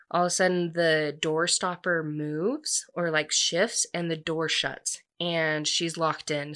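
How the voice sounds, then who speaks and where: Chatty lady recapping a story, kinda low voice, says like a lot. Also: bright, forceful tone. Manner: chatty, lots of filler "like".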